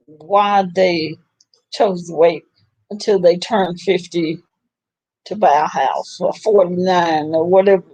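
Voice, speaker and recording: A middle-aged woman chatting casually about online drama, animated and laughing often. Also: no echo, poor audio. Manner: animated, laughing often, rising into high exclaims. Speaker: livestream commentator.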